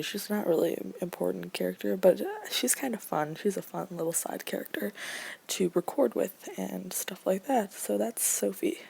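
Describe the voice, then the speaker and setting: A woman's voice: fairly low pitch, gravelly, a little mellow, breathy edge. A woman casually explaining a casting call to voice actors, rambling with many fillers and often dropping to a near-whisper.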